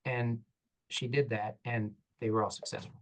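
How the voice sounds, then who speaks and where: This orthopedic surgeon has a mid-range voice and talks at normal speed, captured in low-quality audio. On a panel, he shares frank, self-mocking stories, performing each quoted line with lively energy.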